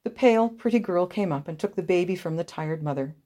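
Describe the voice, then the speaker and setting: Woman reading a story aloud, low voice. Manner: measured, expressive. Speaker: narrator.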